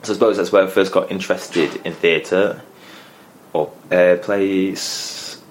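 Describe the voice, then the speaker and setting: A man from Bolton, England, a playwright answering interview questions in a relaxed, hesitant, wry way. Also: sits low, a little slow, a little hiss or hum, poor audio. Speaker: playwright guest.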